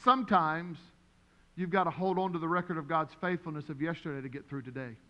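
High-voiced preaching pastor in a hall. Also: male voice, a little fast, lo-fi sound. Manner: emphatic preaching with repetition, rising to shouts. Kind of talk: sermon.

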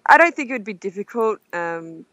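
A woman's voice: medium pitch, expressive, brisk, a bit bright, dry recording. A young Australian woman with an Australian accent, chatting casually as a guest and telling funny stories with frequent laughs. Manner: bubbly, laughs often, tells anecdotes. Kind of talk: casual chat.

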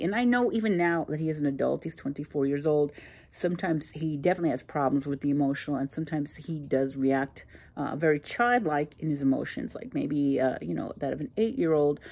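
A woman's voice: deep voice, a little fast, creaky, darkish tone, slightly rough. A woman in her sixties, hosting her own channel, telling a personal story in a plainspoken, reflective way with frequent fillers. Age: 60s. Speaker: channel host.

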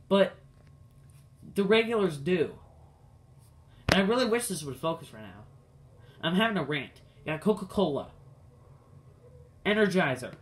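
This diecast collector is a young man with a high, fairly bright voice, reviewing a toy race car for his channel. He talks right to viewers in a casual but exasperated, ranting manner.

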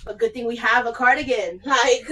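A woman's voice: fairly high pitch, steady tone, moderate pace, fairly bright tone, poor audio. A young woman chatting casually and playfully in a clothing try-on vlog, with joking asides. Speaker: vlogger.

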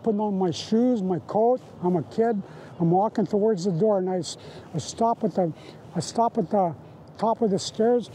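A man's voice: high-pitched, warm tone, slight background noise, low-quality recording. A Canadian man giving personal testimony in a documentary interview, retelling the past in vivid present tense with repeated phrases. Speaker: residential school survivor.

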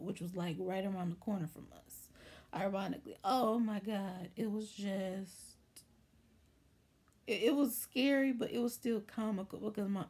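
A woman hosting a casual storytime vlog, telling a story from her childhood. Her voice is mellow and a bit husky, and she slips into livelier voices to act out the people in the story. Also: medium pitch. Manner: chatty, animated, acts out voices in quotes.

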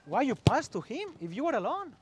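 High-voiced man coaching on a pitch. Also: sing-song, brisk, crowd noise. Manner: short commands, calls out to players, mixes in Spanish. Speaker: football coach. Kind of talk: on-field coaching demonstration.

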